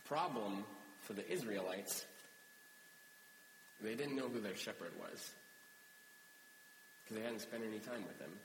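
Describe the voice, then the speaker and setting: Male pastor, lowish voice, casual storytelling sermon, echoey church hall with a hum. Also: unhurried, long pauses. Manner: conversational, animated storytelling.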